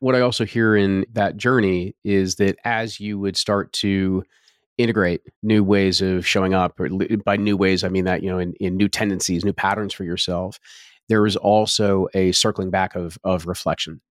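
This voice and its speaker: A man hosting an interview, asking measured, reflective questions. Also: sits low, little pitch movement, dry recording, clean studio sound. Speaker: interview host.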